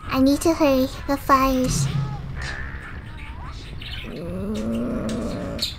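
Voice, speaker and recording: A woman's voice: high-pitched, sing-song, very slow, gravelly, long pauses, background noise. A woman streaming a video game, chatting, thanking viewers and reading game text aloud. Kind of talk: casual gameplay commentary.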